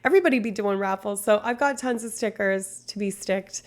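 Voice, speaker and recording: A streamer in her twenties talks a little fast at medium pitch, chatting casually on a livestream. She puts on an Australian accent that slips at times, mocks herself, laughs often and swears freely.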